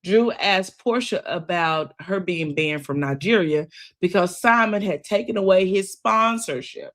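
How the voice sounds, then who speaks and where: A woman's voice: lowish voice, a little slow, a bit bright. A woman hosting a casual recap of a reality TV episode, chatty and opinionated, often calling her listeners "child" and "girl.".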